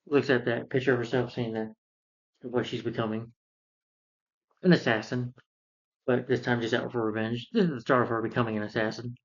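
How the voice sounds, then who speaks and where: A man's voice: mid-range voice, little pitch movement, brisk, long pauses, slightly rough. A man recapping a film plot in a casual, rambling way, with many fillers and restarts. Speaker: film reviewer. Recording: dull lo-fi sound.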